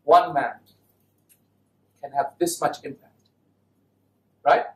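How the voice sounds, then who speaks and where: A man giving a lively talk to an audience, often asking the listeners questions. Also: on the high side, slow. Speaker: Islamic speaker giving a talk. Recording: echoey hall, mic at a distance.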